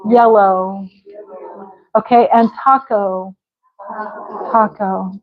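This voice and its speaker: American woman teaching english live, slow and encouraging, kinda high voice, muffled audio. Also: expressive. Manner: encouraging, slows to sound out words. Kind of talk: live pronunciation class. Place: online class.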